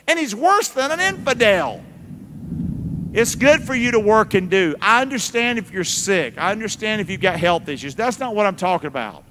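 A man's voice: high voice, animated, moderate pace, fairly bright tone, a little hiss or hum. A male pastor preaching a sermon with call-and-response, folksy and teasing with his congregation. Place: church sanctuary. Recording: church hall reverb.

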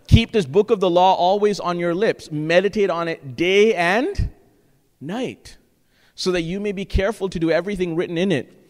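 A man preaching a sermon as pastor, earnest and exhorting, often checking in with the congregation with "right?". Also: high-pitched. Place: church sanctuary. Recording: long church-hall reverb.

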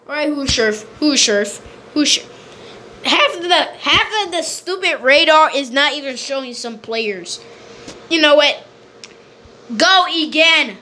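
A woman giving casual, rambling game commentary, excitable and repeating her pleas over and over. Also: high voice, slow pace, long pauses, a little hiss or hum. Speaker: gameplay commentator.

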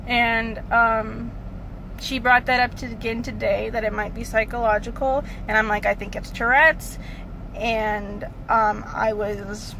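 Breathless woman vlogging in halting bursts. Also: on the high side, level tone, sharp tone, slight background noise. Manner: halting, searches for words, restarts sentences. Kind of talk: casual vlog talking to camera.

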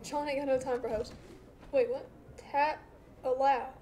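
Woman streamer, high voice, playful joking commentary, faint noise behind. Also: steady tone, measured pace, mellow. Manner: playful, joking, chatting to viewers. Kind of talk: casual live-stream commentary.

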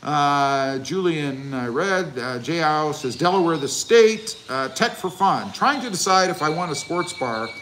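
A man's voice: on the high side, lively intonation, a little slow, few pauses, fairly bright tone, a little hiss or hum. A man hosting a casual livestream, reading viewer comments aloud and answering them with jokes. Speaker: livestream host.

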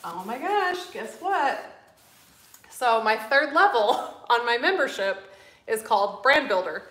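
A middle-aged woman hosts a live stream from a room with a noticeable echo. She talks fast and bubbly, packing in as much as she can. Her breath runs short as she goes. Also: medium pitch, a bit bright. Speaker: host. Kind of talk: live stream chat with viewers. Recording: echoey room.

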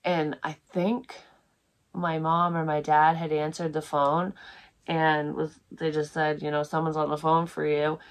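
A woman's voice: low-pitched, little pitch movement, measured pace. A woman in her thirties telling a personal story in a casual, rambling way, swearing freely and laughing as she goes. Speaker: psychic medium vlogger.

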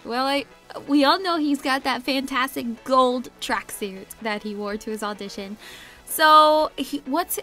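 With a high-pitched, pushed and bright voice, this woman talks casually over footage of her drawings for her art channel. She rambles, giggles a lot and seems self-conscious, often doubting herself.

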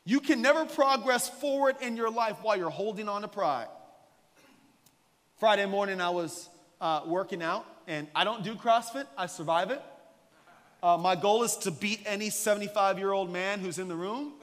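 Man preaching in a church, high lively voice, lots of echo, jokey storyteller. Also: moderate pace. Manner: animated, joking storyteller preaching. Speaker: guest pastor. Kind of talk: sermon. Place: church sanctuary.

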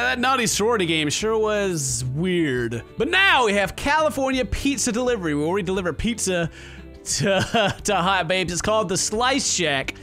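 A man giving comedic, sarcastic commentary while playing a game, laughing often. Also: high-pitched. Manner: animated and jokey, laughing often, sarcastic asides. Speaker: let's play gamer.

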